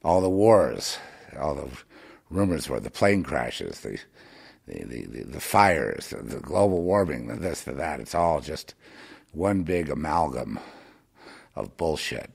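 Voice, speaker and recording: A man's voice: extremely low pitch, big pitch swings, unhurried, vocal fry, a little mellow, slightly rough. A man hosting a podcast monologue, rambling and impassioned, sarcastically scolding his listener, with many restarts. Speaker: podcast host.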